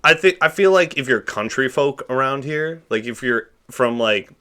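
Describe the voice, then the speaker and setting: A young man co-hosts a relaxed podcast, with a bright, forceful voice. He rambles and circles back on himself as he works out what he wants to say. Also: mid-range voice, normal speed. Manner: rambling, restarts his thoughts often. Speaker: podcast co-host. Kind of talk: casual chat.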